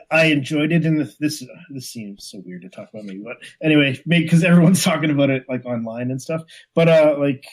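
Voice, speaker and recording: A man's voice: mid-range voice, slightly rough. A man co-hosting a casual podcast, thinking aloud in a hesitant way, full of "like". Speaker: podcast co-host. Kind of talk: casual chat.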